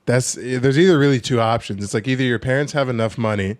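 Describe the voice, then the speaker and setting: A man's voice: mid-range voice, fast talker. A young man co-hosting a podcast, chatting casually and teasing his friend with crude jokes. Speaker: podcast co-host.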